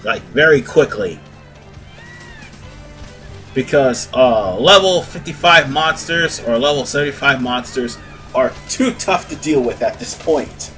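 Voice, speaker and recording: A man's voice: mid-range voice, animated, unhurried, fairly bright tone, faint music behind. A man giving casual, rambling let's-play commentary as host of a gaming video, often correcting himself. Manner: chatty, rambling, self-correcting.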